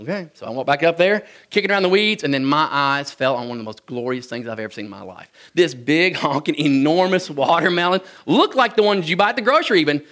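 Animated and fast, with almost no pauses, a Kentucky man regales an audience with funny stories from his youth. His voice leans high with a fairly bright tone, and he jokes in a folksy way, chuckling frequently.

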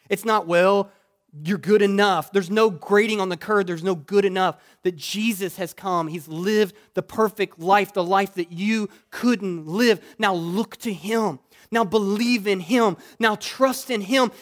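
High-voiced man preaching with rising fervor. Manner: builds from quiet reflection to loud, exclamatory preaching. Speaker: pastor. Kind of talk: sermon. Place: church sanctuary.

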